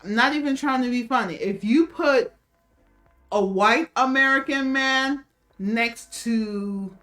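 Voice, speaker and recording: A woman's voice: a little high, takes it slowly, fairly bright tone, faint music behind. A woman co-hosting a casual chat show, talking loosely with many fillers and restarts. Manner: chatty, lots of fillers and restarts, laughs often. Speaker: co-host. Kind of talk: casual chat reacting to a video.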